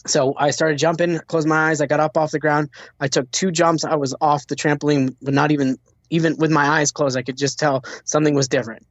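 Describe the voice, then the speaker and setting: Man, veteran, personal storytelling, earnest, frequent restarts, slightly high voice, dull lo-fi sound. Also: level tone, brisk, dry recording. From United States. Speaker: veteran telling his recovery story.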